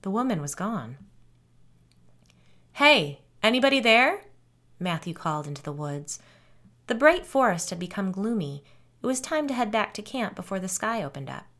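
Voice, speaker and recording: A woman narrating a scripted horror story in a measured, suspenseful way. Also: mid-range voice, a bit bright.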